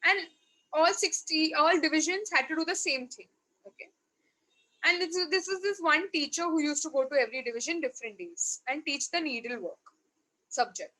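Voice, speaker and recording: A woman with an Indian English accent, a podcast guest telling a story in casual conversation, animated, laughing often and acting out dialogue. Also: high voice, moderate pace, low-quality recording. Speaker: podcast guest, marketing head.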